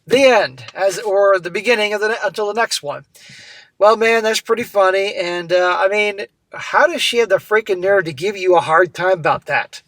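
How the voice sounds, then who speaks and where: A man with a fairly high voice reads a listener's letter aloud and keeps cutting in with blunt, sarcastic remarks. The sound is close and dry, with almost no room around it. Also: normal speed, a bit bright, no echo, rough recording. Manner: blunt, sarcastic asides between read passages. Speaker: host reading and reacting to a viewer's letter. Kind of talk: reading a story aloud with commentary.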